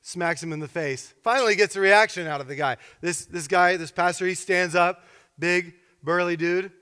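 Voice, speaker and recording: A man preaching a sermon as pastor, telling stories with lively, animated delivery and acting out the people in them. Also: high voice, normal speed, smooth, in a large hall. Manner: animated storytelling, acts out characters.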